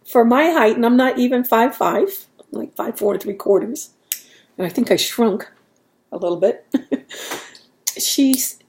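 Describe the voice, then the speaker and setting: Lady chatting to her camera at home, rambly, kinda mellow dark voice, laughs at herself. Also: on the high side. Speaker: vlogger. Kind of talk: casual chat.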